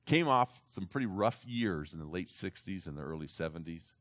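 A man telling a story to an audience in an animated way, slipping into character voices. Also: low voice, moderate pace, no echo.

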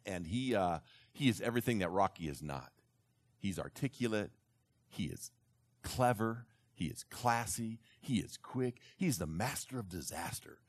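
A man telling a story to an audience in an animated way, slipping into character voices. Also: on the low side, moderate pace, no echo.

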